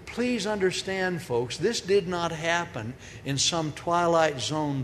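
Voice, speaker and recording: A woman giving a humorous sermon in a large hall, telling stories in a lively way and acting out the voices she quotes. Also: on the low side, slow, hardly any pauses. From grew up on a farm. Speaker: speaker, preacher. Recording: long hall reverb, faint noise.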